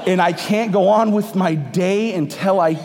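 A man's voice: sits high, unhurried, darkish tone. A man in his thirties preaching a sermon to a congregation, conversational and joking with the room. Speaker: pastor. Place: church hall with congregation. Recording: reverberant hall.

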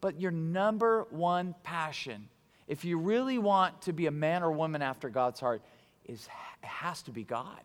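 Animated high-voiced preacher in a hall. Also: male voice, moderate pace. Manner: animated, excitable, conversational. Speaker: pastor. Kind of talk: sermon. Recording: long hall reverb.

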